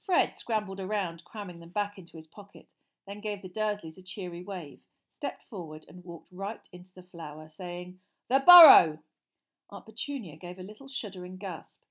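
A woman's voice: on the low side, moderate pace. Woman reading a storybook aloud. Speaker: audiobook narrator.

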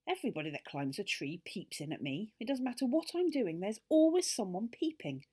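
This is a rude little storybook pixie voiced by a woman, barking complaints at the children. He sounds cross and sharp-tongued, with a breathy huskiness and a jumpy, lively pitch. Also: moderate pace. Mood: grumpy scolding. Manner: snappish, scolding.

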